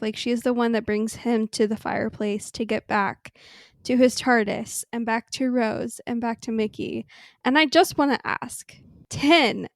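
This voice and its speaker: A woman's voice: fairly high pitch, dry recording, clean studio sound. A woman co-hosting a podcast in casual chat, wry and emphatic. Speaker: podcast co-host.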